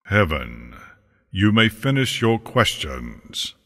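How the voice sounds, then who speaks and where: A man's voice: lowish voice, very animated, takes it slowly, sharp tone, big-room sound, exaggerated voice. A man voicing Death as a formal, firm judge presiding over a court. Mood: stern. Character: commanding male judge, Death personified.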